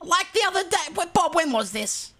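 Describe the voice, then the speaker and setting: A woman playing a brash young male outlaw, cursing through an animated roleplay story. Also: very high voice, brisk, noisy background, pitched above the performer's own voice, full character voice. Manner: swears constantly, animated storytelling. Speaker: roleplay streamer.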